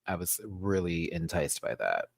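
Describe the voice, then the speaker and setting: A man hosting a live recap stream, talking in a sassy, campy way with big swoops in pitch. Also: sing-song, unhurried, creaky, no echo.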